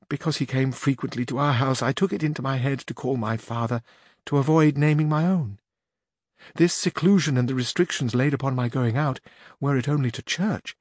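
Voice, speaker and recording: Brief: man voicing a shy, weeping young noblewoman in a storybook reading, raised pitch, dry close sound. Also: darkish tone, no room sound, natural voice. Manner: tearful, pleading, modest.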